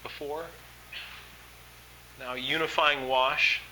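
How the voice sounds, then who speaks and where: Bright-voiced male art instructor lecturing. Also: medium pitch, steady tone, takes it slowly, slight background noise, poor audio. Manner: enthusiastic, conversational, with frequent fillers. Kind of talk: workshop lecture.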